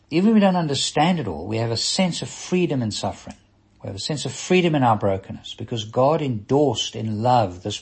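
A middle-aged man preaching a sermon in a husky, slightly breathy voice. He speaks earnestly as a minister, lifting and dropping his emphasis as he drives each point home. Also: medium pitch, darkish tone.

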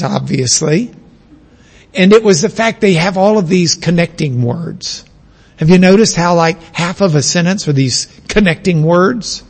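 A man teaching a class, lecturing in a conversational way and stretching out the phrases he wants to stress. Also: high voice.

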